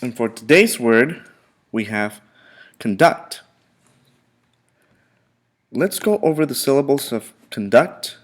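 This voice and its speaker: Male teacher, mid-pitched, drills vocabulary step by step for students. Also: animated. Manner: slow, repetitive drilling with frequent "okay". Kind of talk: vocabulary lesson.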